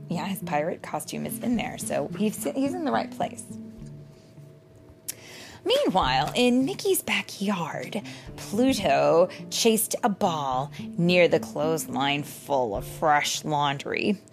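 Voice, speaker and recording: A woman reads a children's storybook aloud, slow and unhurried, with dramatic pauses. Her voice rises and falls in a very animated way. Music plays under her reading. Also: lowish voice, gravelly.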